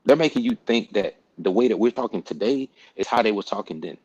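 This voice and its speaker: A man's voice: lowish voice, lively intonation, fairly quick, darkish tone, slightly rough, no room sound, muffled recording. A man hosting a casual group talk, speaking emphatically and repeating words for stress, with casual slang and profanity. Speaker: podcast host.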